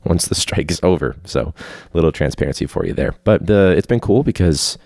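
A man with a very low, mellow voice talks through a rambling solo podcast, loose and candid, full of fillers and blunt asides. The sound is dry and close, with no room around him. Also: lively intonation, a little fast, no room sound. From Chicago area. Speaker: podcast host, teacher. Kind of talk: casual solo podcast chat. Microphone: phone hooked up to a video call.

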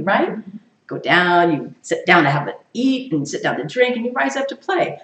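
A woman teaching a Bible study to a group, lively, quizzing her listeners and laughing often. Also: lowish voice, moderate pace. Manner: animated, asks the group questions and laughs often. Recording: echoey room, far from the mic.

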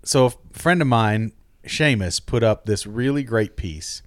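Animated man hosting a casual podcast. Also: on the low side, measured pace, dry recording, clean studio sound. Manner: animated, jokey, swears freely. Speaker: podcast host.

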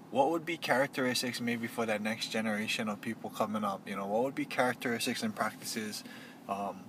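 A man's voice: mid-range voice, fairly bright tone. A man interviewing someone, asking loose, rambling questions full of fillers. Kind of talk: casual interview. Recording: faint vehicle noise behind.

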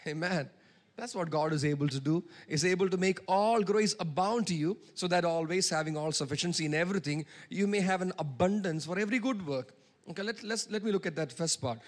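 Guy preaching, pretty high voice, stretches words out, gets people to repeat after him. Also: lively intonation, normal speed, a bit bright. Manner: call-and-response preaching, drawing out key words. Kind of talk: sermon.

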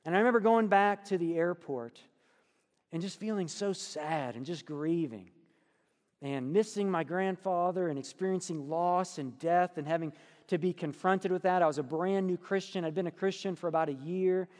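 A middle-aged man preaching a sermon and telling personal stories, earnest, dropping to soft hushed passages and lifting to emphatic ones. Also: sits high, moderate pace. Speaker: pastor. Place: church sanctuary. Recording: long reverb of a church hall.

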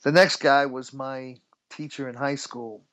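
A man's voice: medium pitch, steady tone, unhurried, a bit bright, poor audio. A middle-aged man from the United States telling stories as an interview guest, chatty and laughing often. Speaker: guest musician. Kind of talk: relaxed storytelling interview.

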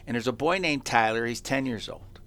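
A male talk show host excitedly telling feel-good stories in a chatty way, with frequent restarts. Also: mid-range voice, brisk, a little hiss or hum. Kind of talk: animated storytelling on a talk show.

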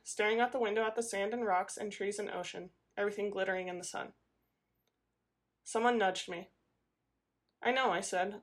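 A woman narrating a first-person novel in an expressive reading voice. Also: medium pitch. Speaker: audiobook narrator.

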